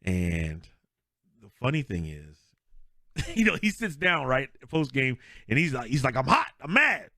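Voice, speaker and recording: Animated man telling sports stories. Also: medium pitch, measured pace, long pauses, no room sound, studio quality. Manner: animated storyteller, laughs often, acts out quotes. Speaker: podcast co-host. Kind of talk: casual sports chat.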